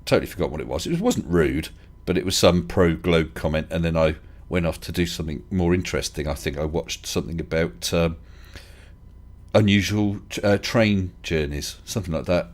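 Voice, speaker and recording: A man's voice: low voice, a little fast. A man hosting a casual live stream chat, talking in a hesitant, chatty way with restarts and chuckles. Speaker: livestream host.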